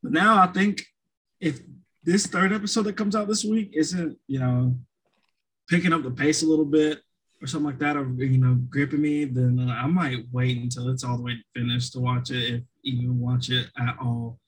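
A man's voice: mid-range voice, little pitch movement, normal speed, breathy edge, rough recording. A man in casual chat, blunt and teasing.

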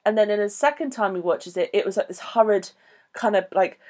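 A woman co-hosting a podcast, talking casually about a film in a rambling, animated way. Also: mid-range voice, fairly quick. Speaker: podcast co-host.

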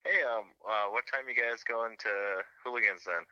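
A man's voice: mid-range voice, normal speed, pushed and bright, no room sound, dull audio. A man on a call with a friend, chatting in a laid-back, slangy way. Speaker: friend calling in. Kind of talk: casual phone chat.

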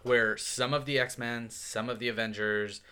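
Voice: mid-range voice, steady tone, a little slow, bright, forceful tone, smooth. A podcast host explaining things earnestly, with a hesitant, filler-heavy way of talking. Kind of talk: casual chat.

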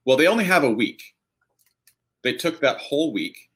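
A man's voice: medium pitch, very animated, moderate pace, a bit bright, slightly rough. Guy with a mid voice, dry wry way of telling a story. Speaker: actor guest on a panel. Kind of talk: casual anecdote.

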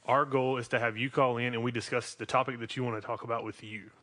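A man's voice: mid-range voice, little pitch movement, quick pace, a bit bright. A man with a Southern US accent hosting a wrestling podcast, rambling and often restarting his sentences. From North Carolina. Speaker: podcast host. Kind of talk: casual podcast chat.

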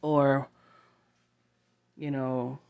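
A woman sharing a personal story to camera, halting and heartfelt, with long pauses. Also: rumbling low, level tone, vocal fry, a little mellow, clean tone, lo-fi sound.

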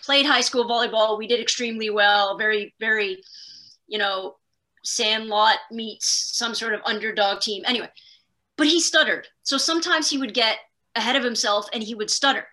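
A middle-aged woman, a podcast guest, telling stories in an animated, self-deprecating way, fast in bursts. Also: a little high. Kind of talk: casual conversation.

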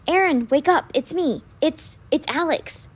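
A woman's voice: high-pitched, a little slow, pitched above the performer's own voice. A woman reading a storybook aloud, voicing an earnest teenage boy who pleads urgently with his twin brother. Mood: pleading.

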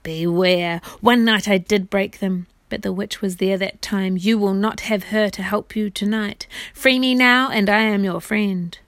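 A woman's voice: mid-range voice, steady tone, unhurried, few pauses, fairly bright tone, no room sound. Proud, formal enchanted prince, storybook read-aloud by a woman, dry close sound. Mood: menacing. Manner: formal, old-fashioned royal speech. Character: enchanted knight prince, man, proud and commanding.

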